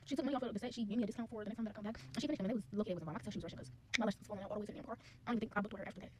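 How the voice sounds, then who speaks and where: A young woman rattles off a story-time at a very rapid pace. She rambles and uses a lot of slang. There is a clear hiss of noise behind her. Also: mid-range voice, a little mellow. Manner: rambling, slangy, breathless retelling. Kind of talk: casual story-time monologue.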